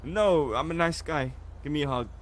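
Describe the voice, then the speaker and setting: A man playing a police officer in a game roleplay, casual and teasing, throwing deadpan jabs. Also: a little high, moderate pace, slight background noise. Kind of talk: in-character game roleplay chat.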